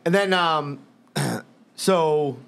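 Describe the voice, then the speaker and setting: A man's voice: a little high, drawn-out words, gravelly, a bit bright. A man hosting a podcast, talking casually and enthusiastically with plenty of swearing, including loose sponsor plugs. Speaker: podcast host. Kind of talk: casual chat.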